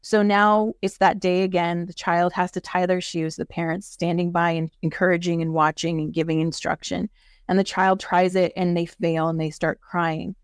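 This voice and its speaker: Her voice is lowish, clear and resonant, delivered flatly at a moderate pace in studio-quality sound without echo. As a guest in a relaxed interview, she earnestly explains spiritual ideas and performs the voices of people she quotes.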